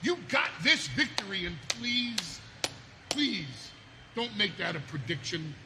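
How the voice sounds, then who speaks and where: A man's voice: sits high, very animated, slow, gravelly, noisy background. A man speaking as a wrestling manager, stammering and pleading as he persuades. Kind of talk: persuasive backstage speech.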